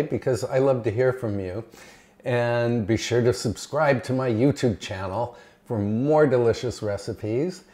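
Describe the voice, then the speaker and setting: A man's voice: medium pitch, unhurried, darkish tone. A man hosting his own cooking channel, chatting enthusiastically in his home kitchen while he cooks and tastes. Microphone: camera mic, moved at times.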